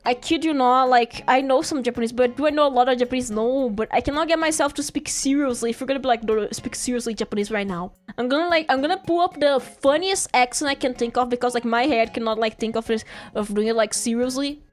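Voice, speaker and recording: High-pitched giggly woman streamer. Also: quick pace, hardly any pauses, faint music behind. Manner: giggly, playful, talks to herself and repeats phrases. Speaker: live streamer. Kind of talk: casual live-stream chat while drawing.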